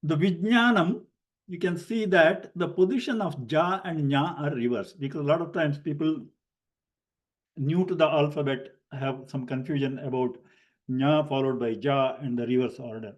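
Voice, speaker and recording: A man teaching a Sanskrit grammar class online, explaining slowly and deliberately with many fillers and spelling out syllables letter by letter. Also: fairly high pitch. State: coughing at times.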